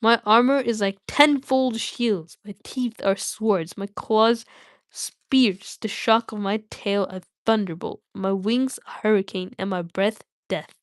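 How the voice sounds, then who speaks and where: Storybook dragon, old male, gloating and menacing, a woman reader doing the voice, mid pitch. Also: fairly even intonation, slow pace, no room sound, studio quality, lightly acted. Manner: grand, boastful declaiming. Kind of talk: reading a novel aloud on a livestream.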